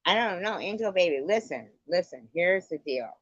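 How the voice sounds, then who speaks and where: A woman's voice: on the low side, animated, moderate pace, no echo. A woman hosting a casual live-stream chat, giving blunt, profane advice and laughing often. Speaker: livestream host. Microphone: computer mic on live stream. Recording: dull lo-fi stream audio.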